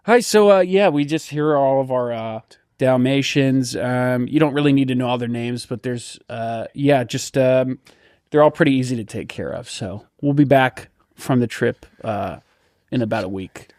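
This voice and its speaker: A man playing a halting male dog owner handing over his many pets, full of ums and uhs in an improvised sketch. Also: medium pitch, darkish tone, dry recording, studio quality, lightly acted. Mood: breezy. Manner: halting, filler-heavy.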